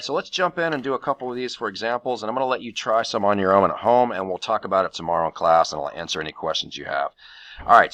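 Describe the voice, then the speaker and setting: A man teaching a Spanish grammar lesson, walking through the steps of each rule with frequent fillers and pauses. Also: lowish voice, pushed and bright.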